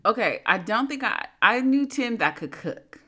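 A woman's voice: on the high side, sing-song, normal speed, sharp tone, slight background noise. A woman co-hosting a casual gossip podcast, sassy and teasing, with playful slang. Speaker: podcast co-host.

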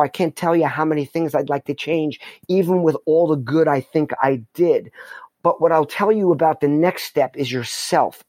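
A middle-aged New York man, appearing as a podcast guest, tells a personal story with heartfelt emphasis, frequently interrupting and restarting his sentences. His voice is fairly high and a little mellow, with no room sound.

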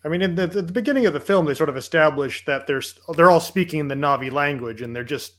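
Fast-talking jokey man in a podcast chat. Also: fairly high pitch, expressive, a bit bright. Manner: jokey, quick asides. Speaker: podcast co-host film reviewer. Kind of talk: casual film review chat.

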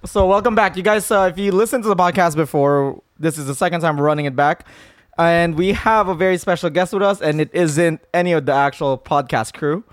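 A man's voice: a little high, a little fast, slight background noise. A man co-hosting a casual podcast, teasing and laughing often. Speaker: podcast co-host and timekeeper. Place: house.

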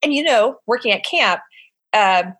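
A middle-aged woman with a slightly higher-pitched voice chats as an interview guest, filling her speech with little fillers and restarts. She slips into acted-out quotes as she tells stories in a lively, conversational way. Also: a little slow. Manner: animated storyteller, acts out quoted voices, frequent fillers. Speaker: guest, summer camp director.

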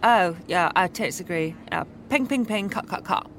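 A woman's voice: on the low side, lively intonation, moderate pace, slight background noise. Breezy woman in a studio. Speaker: studio colleague. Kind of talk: casual studio chat.

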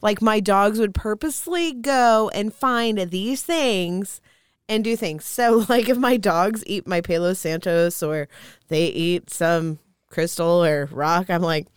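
A woman's voice: mid-range voice, unhurried, clean tone, no echo, studio quality. A woman speaking as a spiritual reader, telling stories candidly in casual chat and swearing freely. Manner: candid storytelling with frequent swearing. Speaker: spiritual reader, podcast guest.

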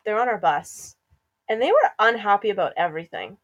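A woman's voice: mid-range voice, lively intonation, fairly quick, muffled recording. A young woman in casual chat, recounting events in a laid-back, rambling way with fillers.

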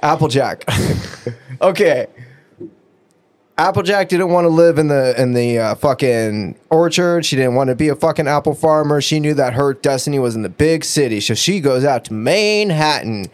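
A man's voice: on the high side, expressive, normal speed. A man co-hosting a casual podcast, retelling a story in a rambling way, swearing often and trailing off. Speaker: podcast co-host.

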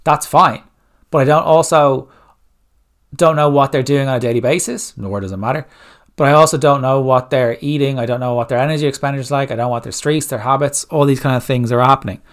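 A man's voice: medium pitch, fast talker. A man hosting a solo coaching podcast, giving blunt, direct fat-loss advice and firing off rhetorical questions. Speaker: fitness coach, podcast host.

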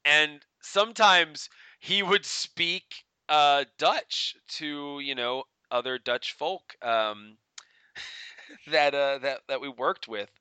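A man's voice: a little high, slow pace, pushed and bright, smooth, no room sound. A man co-hosting a casual podcast, rambling and laughing as he tells stories, with lots of fillers. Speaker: podcast co-host.

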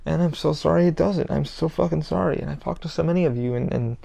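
A man's voice: a little high, quick pace, warm tone. A man hosting his own podcast, talking in a rambling, emphatic way and swearing constantly. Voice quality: gravelly. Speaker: podcast host. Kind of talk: casual monologue.

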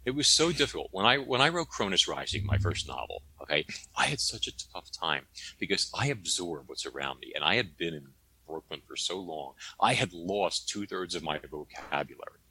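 Low-voiced guy telling stories in an interview, bright punchy tone, keeps saying okay?. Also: fairly quick, a little hiss or hum. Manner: animated, tags statements with "okay?". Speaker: interview guest, novelist. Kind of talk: conversational storytelling.

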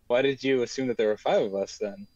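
A man's voice: mid-range voice, very animated, normal speed, dark tone, no room sound, dull audio. A man playing in a tabletop game, speaking politely and hesitantly, often stumbling over his words. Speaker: player. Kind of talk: casual tabletop play.

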